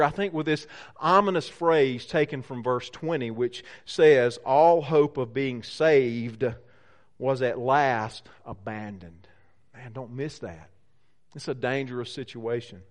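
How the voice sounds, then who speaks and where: A man preaching a conversational sermon, often checking in with his listeners. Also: high voice. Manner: conversational, asks the congregation questions. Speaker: pastor.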